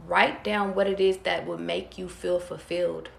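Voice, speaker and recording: Tarot reader, woman, calm and drawn-out delivery, low gravelly voice. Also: echoey room. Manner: calm, drawn-out, talks straight to viewers. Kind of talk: casual tarot reading.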